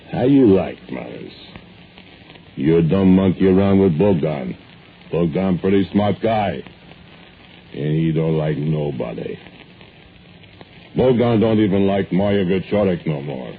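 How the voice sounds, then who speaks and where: A drunken brooding foundry killer. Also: male voice, extremely low pitch, creaky, a little hiss or hum, exaggerated voice. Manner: broken English, slow confessional monologue. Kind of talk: 1940s radio acting. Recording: narrow-band old radio recording with music.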